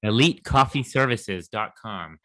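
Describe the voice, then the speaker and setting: A young adult man co-hosting a podcast, chatting casually and joking, quick to laugh. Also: on the low side. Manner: relaxed, joking, laughs easily. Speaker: podcast co-host. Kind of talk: casual chat.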